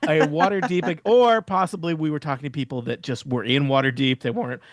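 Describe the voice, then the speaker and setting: A man's voice: fairly high pitch, a little fast, no room sound, studio quality. A man running a tabletop game as game master, rambling through scene descriptions with jokes and frequent laughter. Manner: rambling, joking, laughs often. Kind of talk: narrating a tabletop game, casual chat.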